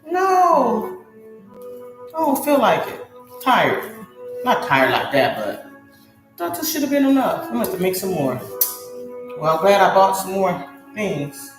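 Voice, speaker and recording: A hoarse middle-aged woman talks straight to her viewers as she bakes, her pitch swinging up and down as she exclaims to herself. The room rings with echo, and music plays underneath her. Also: big pitch swings, slow, pauses often. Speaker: home baker streaming live. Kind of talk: chatty live cooking stream. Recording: echoey room with music behind.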